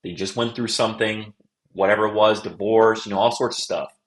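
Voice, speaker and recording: A man's voice: fairly low pitch, steady tone, brisk. A man talking casually and emphatically on a group call, agreeing and adding his own points. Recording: echoey room.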